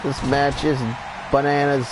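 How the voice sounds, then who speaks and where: A man giving excitable, profane play-by-play commentary on a wrestling video game as he plays, laughing often. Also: fairly high pitch, a little slow, background noise. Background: game music.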